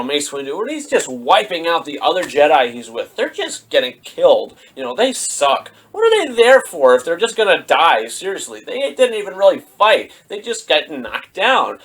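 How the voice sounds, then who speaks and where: A man's voice: medium pitch, fairly bright tone. A man casually retelling and reviewing a film, rambling with plenty of "you know" and "just like". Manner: rambling, full of fillers. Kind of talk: casual movie review vlog.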